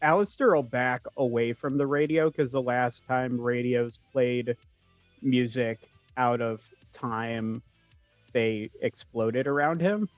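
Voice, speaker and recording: A man's voice: mid-range voice, slow pace, no echo, muffled recording, soft background music. A man playing a tabletop game, describing his character hesitantly, searching for words. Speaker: player.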